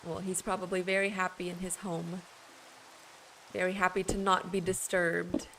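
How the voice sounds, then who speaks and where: A woman's voice: fairly low pitch, level tone, normal speed, background noise. A woman streaming a building game, chatting with her viewers in a rambling, playful way and laughing often. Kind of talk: casual chat with stream viewers while building.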